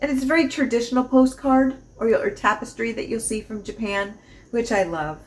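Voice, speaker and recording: A woman's voice: a little high, a little fast. A woman vlogger chatting casually through a box opening, bubbly and gushing, often laughing and repeating herself. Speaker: unboxing vlogger. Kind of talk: casual chat.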